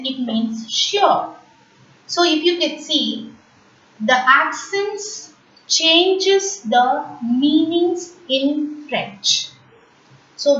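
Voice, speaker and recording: A woman teaching French pronunciation in a slow explanatory lesson, patiently repeating words for learners. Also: high-pitched, bright, forceful tone. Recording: echoey room, distant, dull lo-fi mic.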